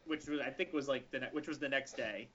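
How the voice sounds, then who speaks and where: A man's voice: mid-range voice, quick pace. A man on a casual podcast, telling a story and acting out the dialogue. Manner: animated, acts out the dialogue in his story. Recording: lo-fi podcast audio.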